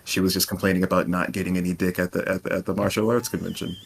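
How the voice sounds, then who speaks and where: A man's voice: deep voice, level tone, racing, vocal fry, a little hiss or hum. A man guest telling a rambling anecdote in casual livestream chat, full of fillers. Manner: rambling storyteller, many fillers.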